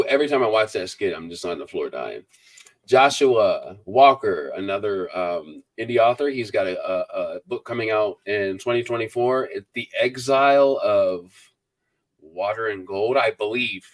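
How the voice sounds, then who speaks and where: Low-voiced man hosting a casual live chat. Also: animated, moderate pace. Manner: rambling, reads viewer comments aloud. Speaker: book review channel host.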